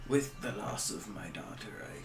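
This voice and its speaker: A man voicing a quiet, grieving old temple keeper who speaks haltingly, heard in a roomy room over loud music. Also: fairly low pitch, expressive. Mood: sorrowful. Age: older. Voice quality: soft, quiet and gravelly. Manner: halting, sorrowful speech. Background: loud ambient music.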